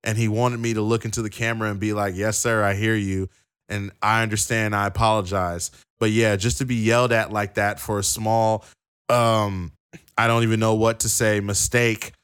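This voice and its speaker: A man's voice: lowish voice, flat delivery, moderate pace, a bit bright, smooth. A man co-hosting a casual wrestling podcast who stammers and restarts, then reads long quotes aloud. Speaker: podcast co-host.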